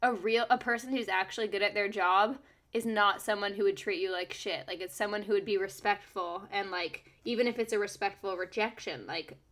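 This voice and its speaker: A woman's voice: mid-range voice, steady tone, brisk, a bit bright. A young woman musician co-hosting a podcast in casual chat, talking with many fillers and restarts and laughing often.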